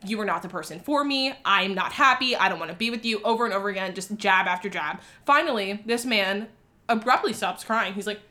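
A woman in her twenties telling a story in casual chat, animated, laughing and saying "like" a lot. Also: medium pitch, a little fast. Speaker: storyteller guest.

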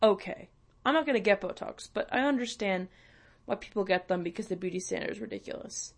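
A woman's voice: medium pitch, fairly quick, gravelly. A woman hosting a vlog, ranting casually in a rambling, profane, self-mocking way with many fillers. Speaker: vlog host.

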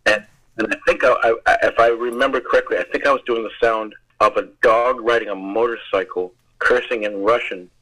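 Husky, bright-voiced American man telling stories. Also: mid-range voice, fairly even intonation, brisk, rough recording. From United States. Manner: rambling, repeats words, laughs often. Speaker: guest actor. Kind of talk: casual interview storytelling.

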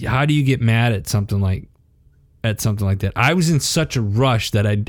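Animated laughing man telling a story. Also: no echo, studio quality. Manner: animated, laughing, acts out quotes in a higher voice. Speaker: podcast co-host. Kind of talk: casual storytelling chat.

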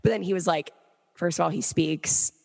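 A young woman co-hosting a podcast, telling stories in a giggly, animated casual chat. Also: on the low side, moderate pace, creaky, long reverb tail. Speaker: podcast co-host.

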